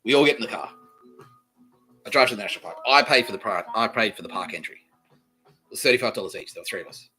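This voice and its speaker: A man's voice: on the low side, animated, fast talker, pauses often, bright, forceful tone, soft background music. Rambling, profane man. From Australia. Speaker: podcast host. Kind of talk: rambling monologue.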